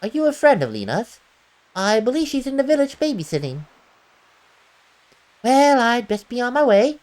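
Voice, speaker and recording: A woman's voice: on the high side, sing-song, moderate pace, a little mellow, pitched above the performer's own voice. A woman reading a polite grown-up villager's game lines aloud. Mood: helpful.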